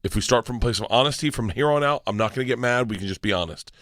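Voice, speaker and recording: A man telling a story as a guest on a talk show, excitable and swearing, acting out the dialogue. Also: mid-range voice, very fast, no room sound. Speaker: guest comedian. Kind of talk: animated storytelling.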